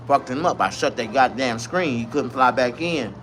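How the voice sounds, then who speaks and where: A man telling a comic story in a profane, rambling, animated way. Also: mid-range voice, normal speed, soft background music.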